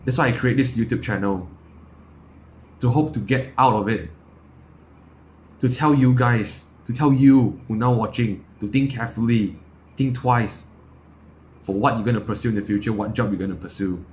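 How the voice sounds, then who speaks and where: A man's voice: mid-range voice, moderate pace, pauses often, a little mellow, a little hiss or hum. A young man from Malaysia giving a blunt, impassioned motivational monologue, swearing, firing off rhetorical questions and repeating his words. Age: young adult. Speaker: self-improvement YouTuber.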